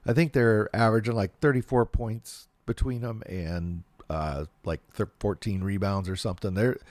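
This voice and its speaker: Conversational podcast host, dry sound. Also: male voice, on the low side, normal speed, a little mellow, dry recording. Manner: conversational, asks leading questions. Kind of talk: casual podcast interview.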